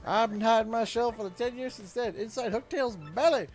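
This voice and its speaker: A man's voice: extremely high pitch, brisk, faint music behind, pitched above the performer's own voice. A man voicing a cheerful middle-aged male turtle father in a game playthrough, folksy and upbeat. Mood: cheery.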